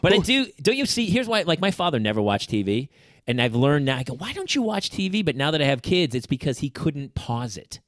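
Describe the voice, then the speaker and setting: Animated middle-aged man telling stories. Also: a little high, fairly quick, no room sound, clean studio sound. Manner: animated storyteller, acts out quotes loudly. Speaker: podcast host. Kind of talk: casual chat.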